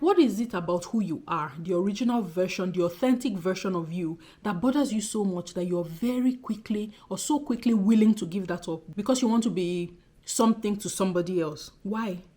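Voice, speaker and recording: A woman's voice: medium pitch, a little mellow. A young woman from Nigeria with a Nigerian accent, talking straight to camera in a vlog, emphatic and exasperated, firing off repeated rhetorical questions. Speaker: vlogger. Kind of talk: direct-to-camera vlog talk.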